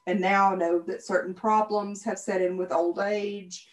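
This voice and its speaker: A woman's voice: mid-range voice, little pitch movement, normal speed. Middle-aged woman, echoey room. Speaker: podcast co-host. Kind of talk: casual chat.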